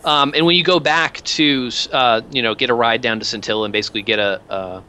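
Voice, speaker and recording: A man running a tabletop game as narrator, describing the scene in loose, rambling bits. His voice is bright and forceful, sitting mid-pitch for a man. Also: brisk, clean tone. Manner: loose, rambling description with many fillers and restarts. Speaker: game master.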